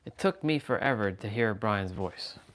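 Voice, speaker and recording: A man's voice: fairly low pitch, lively intonation, moderate pace, a bit bright, a little hiss or hum. Rambling man chatting on a livestream. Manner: rambling, playful, chatting with viewers. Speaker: livestream host. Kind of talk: casual live-stream chat.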